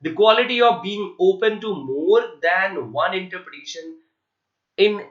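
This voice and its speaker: Indian English teacher spelling out letters. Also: male voice, sits high, animated, unhurried, a bit bright. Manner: spells words letter by letter, repeats questions to learners. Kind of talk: online literature lecture. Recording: echoey room, muffled lo-fi sound.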